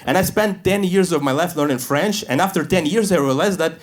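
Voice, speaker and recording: A man in his thirties from Russia, speaking English, doing a dry stand-up set on a comedy club stage with pauses full of "uh". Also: fairly high pitch.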